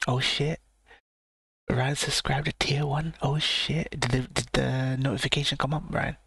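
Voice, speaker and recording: Hushed, swearing man live-streaming late at night. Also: little pitch movement, unhurried, slightly rough, no echo. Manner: hushed low voice, not quite a whisper; blunt, swearing, ranting. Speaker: live-stream reaction host. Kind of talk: late-night livestream chat. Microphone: sensitive mic with gain turned up.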